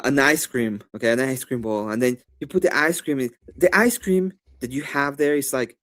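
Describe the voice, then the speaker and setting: Debating on a live stream, a man with a Spanish accent and medium pitch rambles animatedly, full of fillers and restarts.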